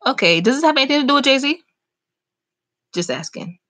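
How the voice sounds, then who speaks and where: A young woman chatting casually on a live stream, reading and answering viewer comments in an animated, talkative way. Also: high voice, a little fast. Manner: chatty, animated, talks back to chat comments. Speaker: vlogger hosting a live chat.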